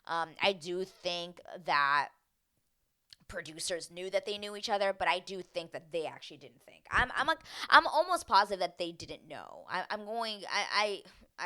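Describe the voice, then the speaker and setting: Young woman recapping a dating show, low-ish voice but sharp and bright, super chatty, acts out what people said. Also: sing-song, brisk. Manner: chatty, acts out quotes, swears casually. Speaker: TV recap host. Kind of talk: casual reality-show recap.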